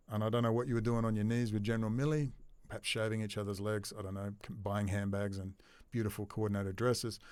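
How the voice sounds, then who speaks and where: A man giving a ranting solo commentary, sarcastic, swinging between low muttering and loud mocking outbursts. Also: clean tone, dry recording. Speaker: commentary host.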